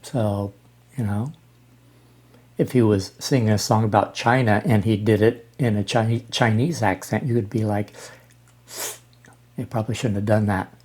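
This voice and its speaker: A man in his sixties talking casually as he reacts to music, halting with frequent ums and restarts. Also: fairly low pitch, steady tone, a little mellow. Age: 60s. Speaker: reaction channel host.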